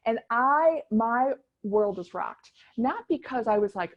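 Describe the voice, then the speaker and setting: A middle-aged woman, telling her story as a guest in a casual interview, animated and chatty with many restarts. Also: on the high side, moderate pace, few pauses, dull audio. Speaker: guest chef.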